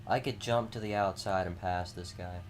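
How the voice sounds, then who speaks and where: A man's voice: deep voice, fairly even intonation, moderate pace, slight background noise. A man streaming a racing game, chatting casually with mild swearing. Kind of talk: casual gameplay commentary.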